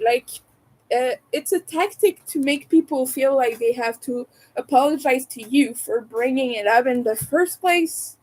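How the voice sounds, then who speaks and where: A woman's voice: a little high, normal speed, darkish tone, rough recording. A woman from Montreal chatting casually to her live audience, candid and opinionated, often laughing between remarks. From Canada, Montreal. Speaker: livestreamer.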